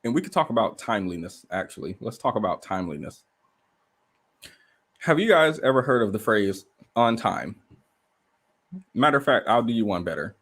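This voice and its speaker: A man hosting a casual livestream from a rented room indoors, telling stories in an animated way and firing off rhetorical questions. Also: on the low side, moderate pace, pauses often. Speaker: livestream host.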